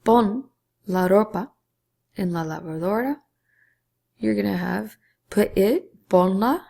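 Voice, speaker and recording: A woman's voice: mid-range voice, takes it slowly, gravelly, dark tone. A woman teaching a Spanish grammar lesson, explaining patiently step by step and sometimes dropping to a whisper on key syllables.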